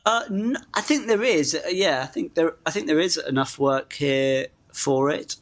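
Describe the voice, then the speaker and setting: A man's voice: a little high, moderate pace. A man from the UK who is an actor guest in a casual interview, chatty and self-deprecating, often laughing through his stories.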